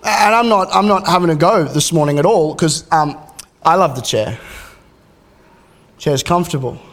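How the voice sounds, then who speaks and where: High-voiced pastor in his thirties. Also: normal speed, a bit bright. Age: 30s. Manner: casual, joking asides, repeated restarts. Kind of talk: sermon.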